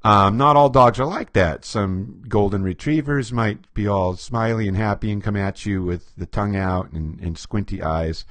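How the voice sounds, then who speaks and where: In this dry recording, a man with a fairly low, slightly bright voice talks at normal speed with few pauses. As a behavior profiler, he tells stories to camera to explain personality types, often chuckling and acting out quotes.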